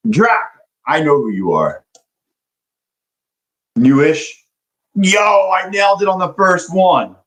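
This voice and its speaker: A man's voice: fairly high pitch, fairly bright tone, rough recording. A young man day trading live, chatting loosely with his stream viewers and swearing now and then. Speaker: livestream day trader. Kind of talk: casual live-stream chat.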